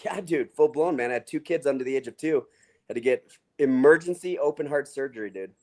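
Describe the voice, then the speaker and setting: A man's voice: medium pitch, a little fast. Laid back guy chatting on a stream, keeps saying dude, pretty chill. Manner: relaxed, easygoing, says "dude" often. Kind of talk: casual chat.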